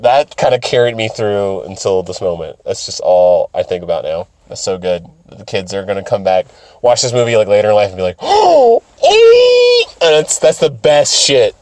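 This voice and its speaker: A man hosting a casual video, recapping an anime in an animated, profane way and laughing often. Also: fairly low pitch, normal speed, no room sound. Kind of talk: casual commentary.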